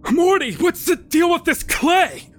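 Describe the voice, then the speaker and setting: A man voicing a stern, preachy middle-aged father who lectures his son loudly in a horror story reading. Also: lively intonation, unhurried. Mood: nagging. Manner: loud, lecturing, high-pitched.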